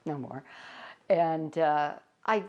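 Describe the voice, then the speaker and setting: A woman's voice: low voice, takes it slowly, darkish tone, lo-fi sound. An older woman, a stage performer, telling stories in a casual interview and laughing often as she talks.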